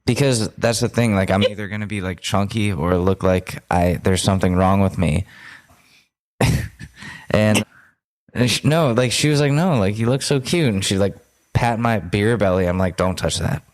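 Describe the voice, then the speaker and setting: A man's voice: fairly low pitch, moderate pace. Loose-talking man in his twenties. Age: 20s. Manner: loose, swearing, self-deprecating storytelling. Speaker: podcast co-host. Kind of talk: casual chat.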